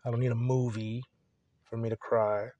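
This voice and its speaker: A man's voice: mid-range voice, little pitch movement, normal speed, warm tone, no echo, highs cut off. A young man hosting a solo podcast, talking casually in a rambling, profane, laid-back way. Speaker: podcast host.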